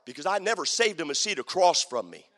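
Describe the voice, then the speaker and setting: High, lively preacher in a reverberant hall. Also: male voice, quick pace. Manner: dramatic, swings from loud to hushed. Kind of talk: sermon storytelling. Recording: long reverb of a large hall.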